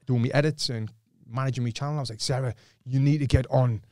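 This ex-boxer speaks in a mid-range, steady, mellow voice at a quick clip, captured dry with studio quality. Chatting casually as a podcast guest, he swears without restraint and relishes performing the dialogue of the characters in his stories.

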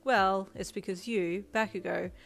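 A woman's voice: medium pitch, steady tone, measured pace, vocal fry, soft background music. A woman reading a cheeky, teasing teen boy. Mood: helpful.

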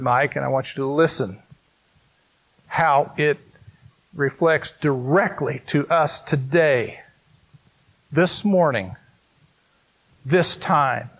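A man's voice: mid-range voice, fairly bright tone. A man preaching a sermon in church, reading scripture aloud in an emphatic way and talking directly to the congregation. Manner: slow, emphatic, talks to the congregation. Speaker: pastor.

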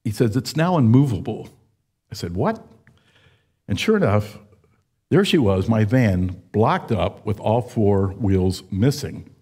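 A man in his seventies preaching a sermon, telling folksy stories with frequent pauses and fillers. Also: fairly low pitch, lively intonation, warm tone, slightly rough. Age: 70s. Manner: folksy storytelling, with many uh fillers. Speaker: pastor.

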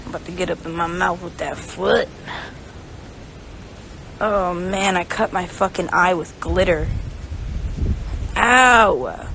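Slow, gravelly young woman on a livestream. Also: on the low side, fairly even intonation, a bit bright, slight background noise. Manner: profane, rambling, reads viewer comments aloud. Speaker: singer on a livestream. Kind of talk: casual livestream chat. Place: home, indoors. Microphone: phone.

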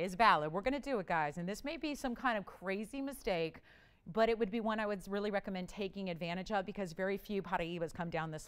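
A woman hosting a live jewelry shopping show, pitching items in chatty, joking, upbeat patter. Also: a bit bright, smooth. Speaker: shopping channel host.

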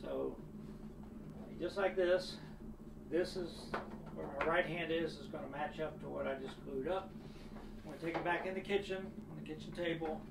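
A man's voice: fairly high pitch, normal speed, pauses often. A man casually talking through a hobby build at home, thinking aloud with plenty of filler words, recorded on a phone camera. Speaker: model railroad hobbyist. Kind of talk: casual how-to narration. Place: home, kitchen table area. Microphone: phone camera, sometimes on tripod. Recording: roomy and distant phone audio with clear noise.

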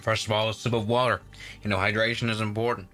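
A man chatting excitably through a flight simulator livestream, often restarting his sentences. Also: lowish voice, fast, soft background music. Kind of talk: casual livestream commentary.

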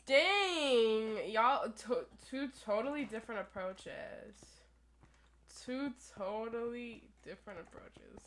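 A young woman giving gameplay commentary at her computer, full of crude, profane, playful trash talk and quick rants. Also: on the high side, lively intonation, fairly bright tone. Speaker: gaming YouTuber. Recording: noisy recording with keyboard clicks.

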